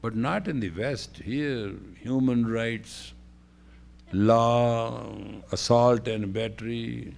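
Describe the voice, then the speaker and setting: Male spiritual teacher, gravelly, lectures in slow halting phrases, acts out story voices. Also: medium pitch, steady tone. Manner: swings between hushed asides and loud bursts; acts out voices in his stories. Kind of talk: lecture with told stories.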